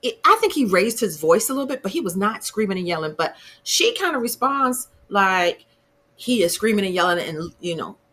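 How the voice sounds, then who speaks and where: A woman's voice: mid-range voice, very animated, normal speed, a bit bright. A woman hosting her own TV review channel, recapping an episode in a chatty, opinionated way and laughing at the drama. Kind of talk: casual episode recap and commentary.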